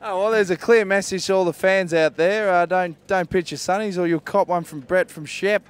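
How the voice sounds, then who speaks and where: Matey Australian man, clear voice. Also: high-pitched, fairly even intonation, normal speed. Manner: matey and jokey, Aussie slang. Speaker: roadside interviewer. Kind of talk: casual sports interview. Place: outdoors at a bike race.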